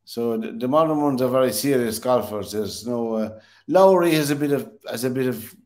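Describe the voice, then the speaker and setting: A man's voice: medium pitch, normal speed, darkish tone. A man on a sports panel show, chatting casually and often repeating words as he searches for them. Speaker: studio panelist.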